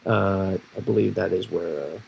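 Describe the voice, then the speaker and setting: A man's voice: low-pitched, moderate pace, gravelly, a little mellow, slight background noise, poor audio. A man from Massachusetts, an amateur weatherman, rambling casually through forecast models on a livestream. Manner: rambling, self-deprecating, restarts often. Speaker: weather streamer.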